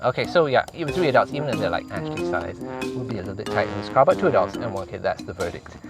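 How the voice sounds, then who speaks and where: A man's voice: fairly low pitch, lively intonation, quick pace, loud music behind the voice. A man giving a chatty, jokey car review next to and inside a car.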